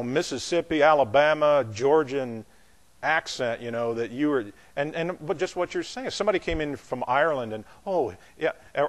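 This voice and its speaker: Man casually teaching a Bible class. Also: mid-range voice. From not from the American South. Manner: conversational, with restarts and asides to the class.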